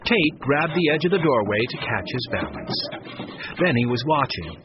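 A man narrating a children's mystery story aloud in an expressive, lively way. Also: mid-range voice, normal speed, dull audio, background noise. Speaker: audiobook narrator.

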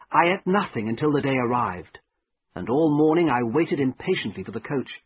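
A man with a husky voice, reading a story aloud in a plain, measured way. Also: mid-range voice. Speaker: narrator. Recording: narrow tinny phone-like sound, dry.

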